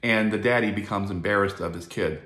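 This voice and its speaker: Profane low-voiced man rambling on. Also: a little fast, fairly bright tone, reverberant. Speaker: video host. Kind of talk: casual monologue.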